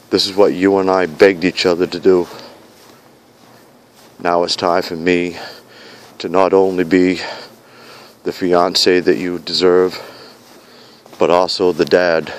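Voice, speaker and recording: A man with a low, even voice records an earnest message on his phone while walking through a snowy park at night. He pleads and repeats his vows steadily, with little rise and fall, and faint hiss sits under his words. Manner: earnest, pleading, vow-like repetition. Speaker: vlogger addressing his fiancée. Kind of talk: heartfelt spoken video message.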